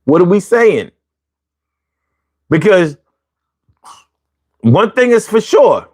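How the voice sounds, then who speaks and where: A man's voice: sits high, very animated, slow, darkish tone, husky, dry recording, clean studio sound. A man hosting a casual talk show for viewers, speaking conversationally, asking rhetorical questions and repeating phrases for emphasis. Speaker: vlog host.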